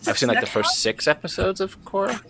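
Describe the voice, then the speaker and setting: A man's voice: fairly high pitch, big pitch swings, fairly quick, creaky, a bit bright, a little hiss or hum. A man co-hosting a casual podcast, incredulous and swearing freely. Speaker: podcast co-host. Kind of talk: casual chat.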